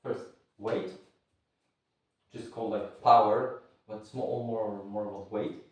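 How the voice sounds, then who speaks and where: A man's voice: on the low side, fairly even intonation, unhurried, darkish tone. Man teaching in an echoey room. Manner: rambling, restarts and searches for words. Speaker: martial arts instructor. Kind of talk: casual spoken lesson. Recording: echoey room, far from mic.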